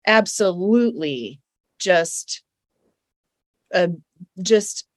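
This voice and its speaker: A woman's voice: on the low side, animated, very slow, no echo, clean studio sound. A woman in her forties hosting an interview, reflecting back and affirming her guest's story. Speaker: host. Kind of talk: interview conversation.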